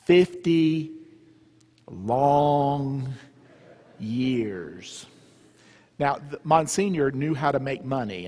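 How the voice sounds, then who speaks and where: Speaking in a mid-range, slightly mellow voice with a breathy edge, this Southern man from around Memphis jokes his way through a retreat talk. He keeps it conversational and engages listeners with questions, and the church hall echoes around him.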